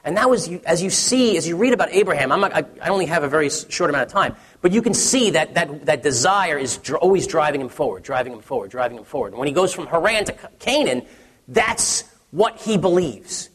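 A man's voice: a little high, lively intonation, a little fast, fairly bright tone, husky, in a large hall. A man, a pastor in his thirties, preaching a sermon in a conversational, story-telling way with many restarts.

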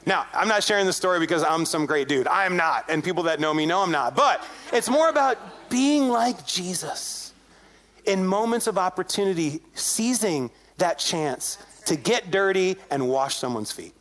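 A man preaching to his congregation with a fairly high voice. He tells stories casually and speaks to the room directly, acting out the voices of people in the story. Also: normal speed. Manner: animated storytelling, acts out quoted dialogue; conversational, addresses congregation directly. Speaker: pastor. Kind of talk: sermon.

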